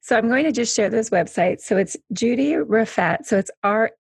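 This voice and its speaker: A woman's voice: fairly high pitch, expressive, normal speed, creaky, darkish tone, breathy edge, no echo. A woman hosting an interview, affirming and full of praise for her guest. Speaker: interview host.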